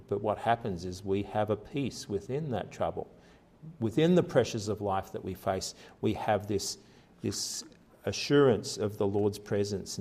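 A man preaching a sermon in an earnest, conversational way, rising for emphasis and dropping soft for quiet passages. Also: lowish voice. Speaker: pastor.

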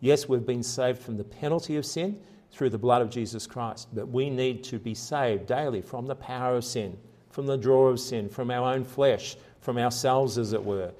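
A man preaching a sermon in an earnest, conversational way, rising for emphasis and dropping soft for quiet passages. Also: mid-range voice, normal speed. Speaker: pastor.

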